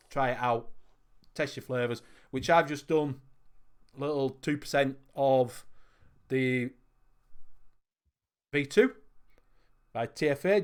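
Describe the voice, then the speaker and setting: A man hosting a livestream, rambling and chatty, laughing often, on a video call. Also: mid-range voice. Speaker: host. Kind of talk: casual livestream chat.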